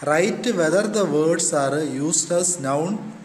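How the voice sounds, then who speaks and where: A male English teacher with an Indian English accent talks through a class lesson at a very slow, careful pace. His voice sits fairly high for a man. The room is echoey, with a long reverb tail and a faint hum behind him. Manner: slow, deliberate explaining, spelling words letter by letter; repeats definitions, often pauses with okay. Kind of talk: recorded online class lesson.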